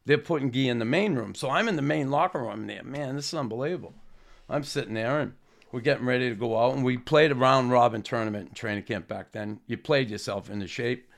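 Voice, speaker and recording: A man, a former hockey player telling an animated anecdote and acting out quotes. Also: medium pitch, fairly quick, gravelly. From Boston area. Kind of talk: anecdotal storytelling.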